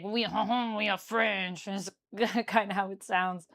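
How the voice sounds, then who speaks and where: A woman's voice: medium pitch, steady tone, takes it slowly, fairly bright tone. A young woman, chatting casually with her live-stream viewers as she bakes and reads their comments aloud. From Canada. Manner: chatty, reading chat aloud while baking.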